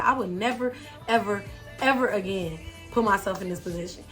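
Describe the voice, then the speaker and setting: A young adult woman telling a storytime vlog in an animated, slangy way, talking straight to her viewers. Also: medium pitch, a little fast, over music. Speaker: vlogger.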